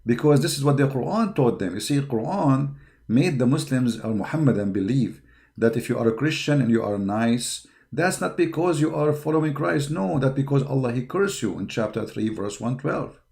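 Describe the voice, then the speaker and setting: Gravelly man ranting with combative fervor. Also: medium pitch, lively intonation, moderate pace, a little mellow. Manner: combative, repeats words, frequent fillers. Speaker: online apologetics show host. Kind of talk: impassioned monologue.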